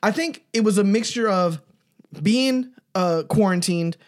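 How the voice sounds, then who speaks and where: Quick, agreeable podcast co-host. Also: mid-range voice. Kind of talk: casual chat.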